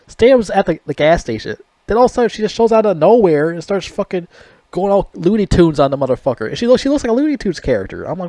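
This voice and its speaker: A man's voice: on the high side, brisk, dry recording. Profane rambling man reviewing a movie. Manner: profane, rambling, animated when outraged.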